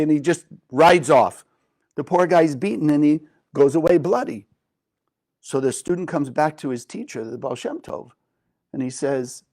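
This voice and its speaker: A man's voice: on the high side, normal speed, darkish tone. A man teaching a spiritual lesson in a conversational, engaging way, telling a parable and asking his listeners questions. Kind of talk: spoken lesson with storytelling.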